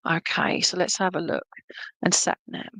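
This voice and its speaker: A woman's voice: lowish voice, flat delivery, normal speed, creaky, pushed and bright, no echo. Chatty woman with a dry close mic. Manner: chatty, hesitant, many ums, calls people "my lovely". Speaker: psychic medium giving live readings. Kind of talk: casual live-stream reading.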